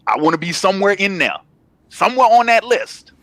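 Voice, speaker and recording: A man's voice: sits high, big pitch swings, brisk, fairly bright tone, dry recording. A man in his thirties, a comic writer chatting as a guest in an interview, laid-back and slangy, often circling back to repeat himself as he builds a point. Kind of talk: casual interview chat.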